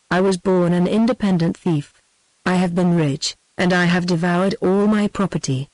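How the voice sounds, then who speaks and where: A synthetic British woman's voice reading the part of a brash, boastful young man in armor, in an even text-to-speech delivery. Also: on the low side, no echo, close to an everyday voice, poor audio. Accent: British English.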